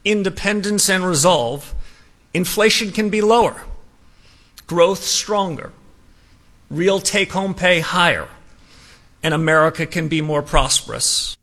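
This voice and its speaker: A man delivering a formal prepared speech in a measured, deliberate way. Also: high-pitched, fairly bright tone, exaggerated voice.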